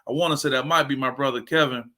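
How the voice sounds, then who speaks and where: A man in his forties delivers a motivational talk as a sports coach, with a bright and forceful tone. He speaks in an energetic, preacher-like way and often reads viewer comments aloud. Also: medium pitch, fast talker. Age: 40s.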